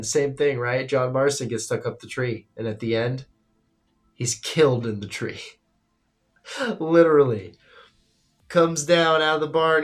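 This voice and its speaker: A man hosts a casual livestream, building up his points with emphatic, animated delivery. His voice sits at a middle pitch and jumps up loud when he gets excited. Faint music plays behind him. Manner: animated, emphatic storytelling, swings loud and high; reads and answers chat. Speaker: livestream host.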